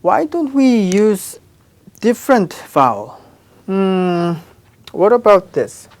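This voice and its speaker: A woman's voice: mid-range voice, very animated, slow pace, a little mellow. A woman teaching a language lesson, patiently repeating sounds and checking in with her students. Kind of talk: slow explanatory lesson with spoken examples.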